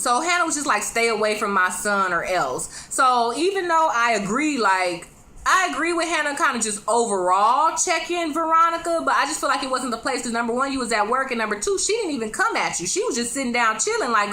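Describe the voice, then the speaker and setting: A woman's voice: on the high side, sing-song, a little fast, bright, forceful tone. A woman giving a casual, chatty recap of a TV drama episode, talking straight to her viewers and acting out the characters' lines. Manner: chatty, conversational, acts out quoted lines. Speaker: TV show reviewer.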